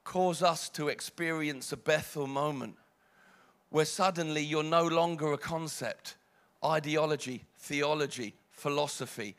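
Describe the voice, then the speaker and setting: Brief: British male preacher, fairly high voice, dramatic sermon. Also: measured pace. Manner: dramatic, swings from hushed to loud.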